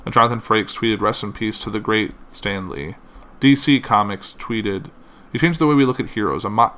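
A man with a bright, forceful tone and a somewhat low voice reads tributes aloud. He halts often, with fillers and self-corrections, and sounds shaken enough that he struggles to keep going. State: emotional, finding it hard to continue. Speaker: commentator reading tributes. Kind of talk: reading statements aloud.

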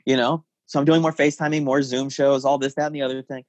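A man hosting a casual podcast chat, joking and animated, laughing often. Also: mid-range voice, fast talker, no room sound, dull audio. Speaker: podcast host. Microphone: podcast mic.

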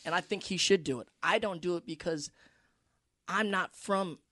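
A man's voice: high voice, normal speed, bright, forceful tone. A man, an actor, talking earnestly in a casual podcast chat, thinking aloud with restarts. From United States. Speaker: actor guest.

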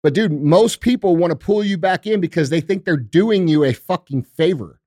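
A man's voice: fairly high pitch, normal speed, a little mellow, dry recording, studio quality. A man hosting a podcast in casual chat, blunt and heavy on swearing, ranting with motivational conviction. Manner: blunt, profane and emphatic. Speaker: podcast host.

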